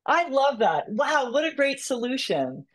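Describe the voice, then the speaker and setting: A woman's voice: sits high, very animated, measured pace. A woman hosting a support group on a video call, affirming and encouraging the members.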